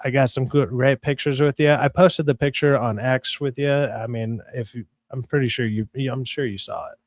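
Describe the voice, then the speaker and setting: A man's voice: mid-range voice, fairly even intonation, normal speed, dry recording. Man hosting a stream, casual and profane, dry close mic. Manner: loose, profane, joking. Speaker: stream host. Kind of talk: casual live-stream chat.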